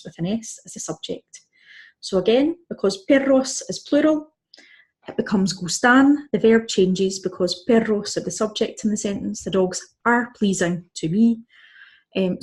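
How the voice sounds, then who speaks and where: A woman's voice: mid-range voice, a little mellow. A Scottish woman teaching a Spanish grammar lesson, explaining patiently step by step. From Scotland. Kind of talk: online language lesson.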